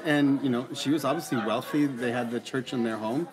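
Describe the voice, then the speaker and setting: Earnest, halting middle-aged man. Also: medium pitch. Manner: earnest, halting with frequent restarts. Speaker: co-host answering listener questions. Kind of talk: casual conversation.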